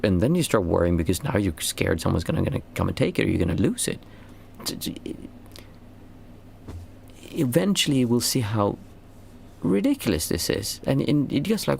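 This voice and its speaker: Male meditation teacher with a gravelly low voice, casual and earnest, often restarts his sentences and his pitch swings widely. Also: big pitch swings, moderate pace, long pauses, darkish tone, slight background noise. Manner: earnest and rambling, with frequent restarts; voice jumps high when stressing a point. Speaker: meditation teacher answering questions. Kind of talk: casual spoken Q&A talk.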